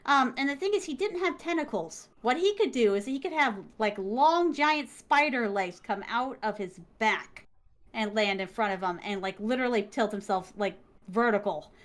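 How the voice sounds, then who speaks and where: A woman's voice: fairly high pitch, expressive, moderate pace, fairly bright tone. A woman, an interview guest, telling a story casually and animatedly, acting out the dialogue with emphasis.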